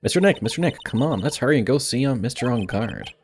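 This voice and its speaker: A man voicing an excitable little girl in a game, speaking in a raised, eager voice. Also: quick pace, slight background noise, natural voice. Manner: eager, pleading, high-pitched.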